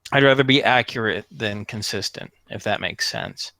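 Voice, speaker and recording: A man's voice: lowish voice, normal speed, sharp tone, dry recording. A man running a tabletop game as game master, rambling and correcting himself as he goes.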